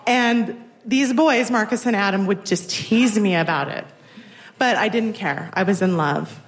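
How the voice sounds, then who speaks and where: A woman's voice: medium pitch, a bit bright. A woman in her forties telling a personal story on stage with wry, self-deprecating humor. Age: 40s.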